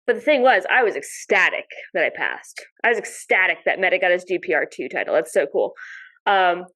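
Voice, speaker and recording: A woman guest on a podcast, telling lively stories in casual chat with some mild swearing. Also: fairly low pitch, a little fast, rough recording. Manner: animated storyteller, mild swearing. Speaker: podcast guest, dog sport competitor.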